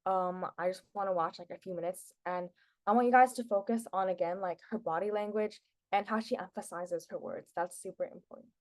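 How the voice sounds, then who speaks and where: A woman's voice: medium pitch, brisk, darkish tone. A teenage girl presenting public speaking tips to a class in a casual, chatty way, with lots of filler words. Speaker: student presenter.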